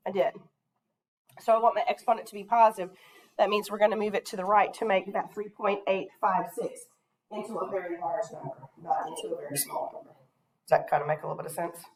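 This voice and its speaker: Speaking in a mid-range voice, a woman patiently takes a class through a math lesson. She frequently stops to put questions to the students, and coughs keep catching in her throat.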